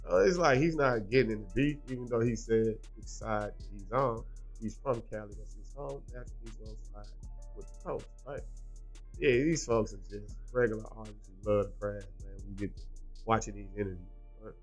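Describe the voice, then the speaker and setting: Low-voiced man hosting a commentary show. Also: brisk, soft background music. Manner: explains and asks the viewer rhetorical questions. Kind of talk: reaction commentary.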